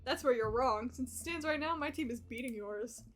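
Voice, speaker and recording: A woman reading the lines of a gruff, aloof male dad at a bar in a dating game, in short, curt sentences. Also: high voice, normal speed, faint music behind, lightly acted. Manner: curt, terse lines read aloud.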